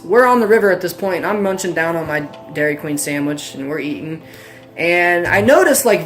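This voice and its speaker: A man telling a funny personal story in a casual, self-deprecating way, voice swinging up and down as he talks. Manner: animated, self-deprecating, with big pitch swings. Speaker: storyteller vlogger.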